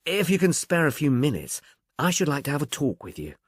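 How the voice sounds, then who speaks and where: A man's voice: a little high, huge pitch swings, brisk, slightly rough, no room sound, clean studio sound, full character voice. A man voicing a mild, cordial middle-aged police inspector who talks in a reassuring, slightly awkward way.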